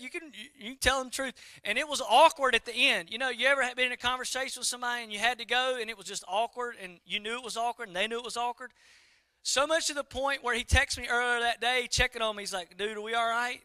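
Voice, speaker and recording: A man's voice: extremely high pitch, clear, resonant tone, no room sound. A middle-aged man, a pastor preaching a sermon and telling a story to his congregation. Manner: animated storytelling, talks to the congregation directly.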